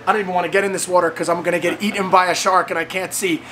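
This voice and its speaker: Animated man telling a story. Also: very fast, slight background noise. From United States. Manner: animated, acts out quoted voices with big pitch jumps. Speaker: host of the fitness training program. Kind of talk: casual storytelling.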